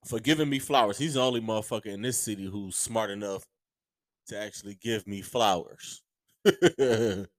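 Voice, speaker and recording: A man hosting a podcast with a sore throat, ranting casually and profanely about sports, heating up to shouts. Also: medium pitch, no room sound. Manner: profane, heated, rising to shouts. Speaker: podcast host.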